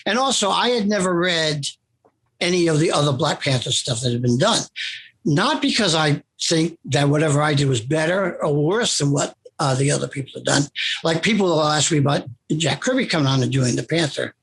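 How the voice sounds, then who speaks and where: An older man with a husky, slightly raised voice tells stories from his career. He talks in an animated, rambling way and often restarts his sentences. He is a guest being interviewed about his work. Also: on the high side, fairly quick. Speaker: interview guest, comic writer. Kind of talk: anecdotal storytelling in conversation.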